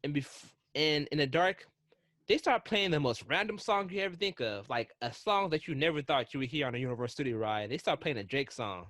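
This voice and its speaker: Man, casual podcast chat, rambling, animated delivery, somewhat high voice. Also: a little fast, dry recording, studio quality. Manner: rambling, excitable storytelling with frequent restarts. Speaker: podcast co-host.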